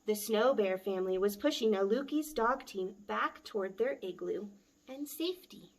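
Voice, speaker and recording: At story time, a children's librarian reads a picture book aloud in a gentle, expressive way. Her voice is medium in pitch and she keeps a moderate pace.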